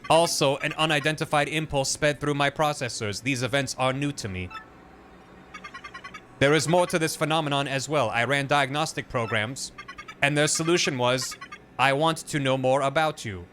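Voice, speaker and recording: A proud talking computer, played by a man, speaking in slow, flat, formal sentences. It sounds precise and self-assured, with a bright, forceful tone and a faint hiss behind it. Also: medium pitch, natural voice. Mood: stiff, formal. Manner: stiff, measured robotic delivery.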